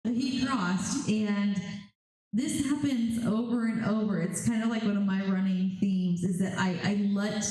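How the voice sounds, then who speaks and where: A woman speaking on a convention panel, telling stories with a mellow, warm voice. She animatedly acts out the spirits and clients she describes. Her voice rings through a large, very echoey hall. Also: medium pitch. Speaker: psychic medium.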